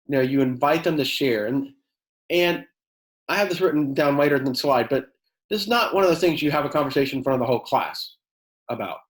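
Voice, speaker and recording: A man who teaches high school chemistry, leading a workshop for teachers in a conversational way with many fillers. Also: reverberant, low-quality recording. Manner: conversational, many fillers, acts out quoted exchanges; self-described sarcastic.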